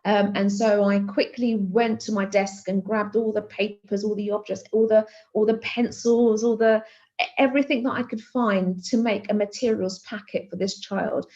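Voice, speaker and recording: Woman art teacher telling a story at a conference, lively voice going up and down, kinda dull lo-fi sound. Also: mid-range voice, normal speed. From Greece. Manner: animated anecdotal telling with many fillers and restarts. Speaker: keynote speaker, art teacher.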